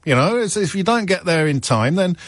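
A man's voice: high voice, lively intonation, fairly quick, dry recording, clean studio sound. A middle-aged man hosting a radio phone-in show, telling stories in a wry, rambling way and correcting himself as he goes. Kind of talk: chatty on-air monologue. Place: radio studio.

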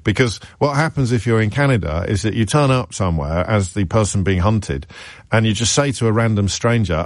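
Male radio host, lowish voice, dry studio sound, wry and rambling. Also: a little fast, no echo. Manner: chatty, wry, self-deprecating, many restarts. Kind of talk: radio phone-in chat.

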